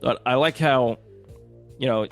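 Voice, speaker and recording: Podcast co-host, male, animated casual chatter with faint music under it. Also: medium pitch, a little slow. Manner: animated, swears, acts out quotes. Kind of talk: casual movie chat.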